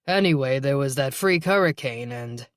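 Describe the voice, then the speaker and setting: A man's voice: medium pitch, expressive, normal speed, dry recording, lightly acted. A man reading a wry, teasing male detective. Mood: dry. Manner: dry, teasing banter. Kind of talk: audiobook dialogue reading.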